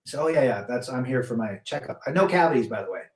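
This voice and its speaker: A man's voice: mid-range voice, expressive, fast talker, reverberant. Rambling man hosting a live stream. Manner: rambling, many restarts, reads chat aloud. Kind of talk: casual live stream chat, reading comments.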